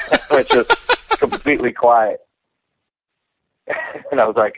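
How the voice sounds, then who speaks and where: A man, a professional fighter, telling stories in a relaxed, casual interview. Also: on the low side, normal speed, long pauses, dry recording. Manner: relaxed storyteller acting out quotes. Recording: tinny phone line.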